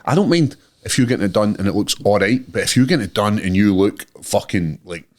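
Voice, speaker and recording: A man's voice: fairly low pitch, lively intonation, a little fast, darkish tone. A man with a Scottish accent, co-hosting a podcast, asking joking questions and swearing casually. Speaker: podcast co-host. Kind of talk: casual banter.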